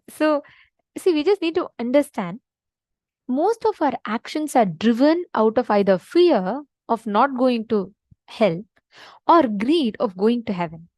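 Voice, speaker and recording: Woman, spiritual teacher, fairly high voice, earnest, emphatic, repeats points, dry close sound. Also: darkish tone, no echo. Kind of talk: devotional teaching session.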